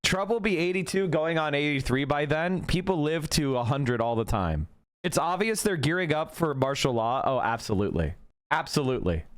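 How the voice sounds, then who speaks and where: Guy streamer arguing politics, bit high voice, keeps repeating his points. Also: animated. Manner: argumentative, fast-shifting, repeats points. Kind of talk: casual livestream commentary, reacting to clips and chat.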